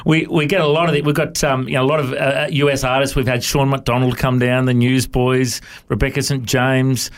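A man's voice: medium pitch, brisk, hardly any pauses. Friendly male radio host. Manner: friendly, jokey, repeats himself when excited. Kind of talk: live radio interview.

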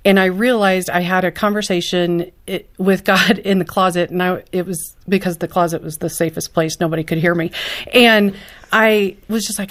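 A woman with a slightly low voice talks earnestly and from the heart. She tells her story in a lively, open way as an interview guest. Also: moderate pace. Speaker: guest, mother of a special needs child. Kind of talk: candid interview conversation.

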